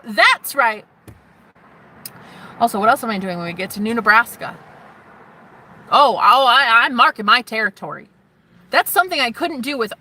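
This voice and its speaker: A woman hosting her own livestream, rambling dreamily and swinging from giggly to hushed. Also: on the high side. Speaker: livestream host. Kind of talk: rambling live-stream chat.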